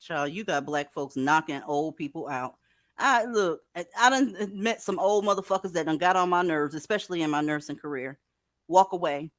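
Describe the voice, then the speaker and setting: A woman's voice: sits low, lively intonation, brisk, no room sound. Middle-aged woman ranting on her livestream, blunt and cussing, dry close sound. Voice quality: blunt, profane, emphatic. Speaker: livestream commentary host. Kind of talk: casual commentary livestream.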